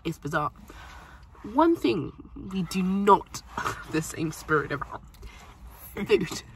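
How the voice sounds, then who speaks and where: Woman vlogger, animated, laughs a lot, sitting in a noisy parked car. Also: lowish voice, slow. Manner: chatty, giggly, animated. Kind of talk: casual chat to camera.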